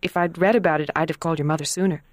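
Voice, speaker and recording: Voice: mid-range voice, fairly even intonation, very fast, no echo, studio quality, natural voice. A performer voicing an earnest young woman schoolteacher who presses with direct questions. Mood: earnest, curious. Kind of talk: dramatized audiobook reading.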